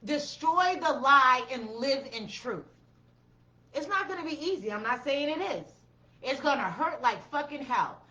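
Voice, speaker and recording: A woman's voice: high voice, animated, measured pace, sharp tone, lo-fi sound. A woman giving a blunt, profane tarot reading, repeating her commands with emphasis. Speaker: tarot reader.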